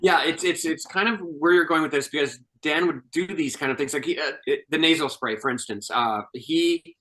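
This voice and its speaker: An older man, a guest filmmaker, chatting casually and telling animated behind-the-scenes stories with restarts and laughs. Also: a little high, moderate pace, poor audio. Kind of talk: casual chat.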